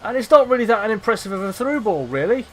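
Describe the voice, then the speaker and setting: Brief: young man, high voice, sweary excitable football game commentary, faint music underneath. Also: fast. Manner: excitable, swears often, shouts at players. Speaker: gaming commentator.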